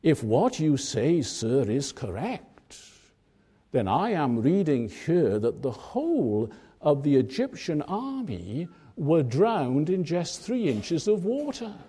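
A man voicing an exuberant young male student who is a joyful new believer, speaking with high, excited exclamations. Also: slow, breathy edge, heavily acted. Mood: eager.

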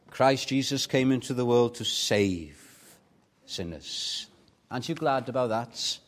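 A man preaching a sermon in church with fervent emphasis, swinging from soft asides to loud, emphatic peaks. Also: mid-range voice. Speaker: pastor.

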